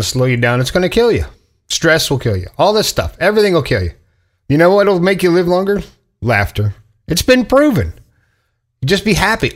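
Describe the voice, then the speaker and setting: A middle-aged man giving a casual motivational monologue to the camera, rambling and repeating himself, blunt and often chuckling as he goes. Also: a little high. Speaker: vlogger. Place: sitting indoors alone.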